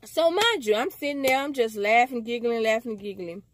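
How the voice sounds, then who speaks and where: Animated high-voiced woman telling a story. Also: normal speed, dry recording. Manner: animated, slangy, addresses viewers as y'all. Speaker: storytime vlogger. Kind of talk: casual storytime to camera.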